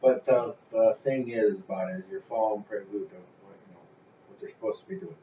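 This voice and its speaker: A man's voice: lowish voice, animated, brisk, warm tone. Male podcast co-host, blunt and opinionated, roomy dull recording, faint hiss. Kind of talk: casual podcast chat. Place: home garage. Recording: roomy, dull garage sound with faint noise.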